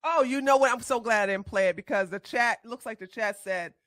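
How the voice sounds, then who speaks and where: A woman hosting a casual livestream chat, emphatic and animated, stumbling through fillers as she reads aloud. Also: a little high, brisk, no room sound. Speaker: stream host.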